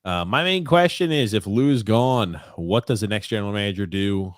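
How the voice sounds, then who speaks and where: Laid-back male podcast co-host, lowish voice, dry and close, reads viewer comments with wry remarks. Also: lively intonation, moderate pace, no room sound. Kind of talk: casual sports podcast chat.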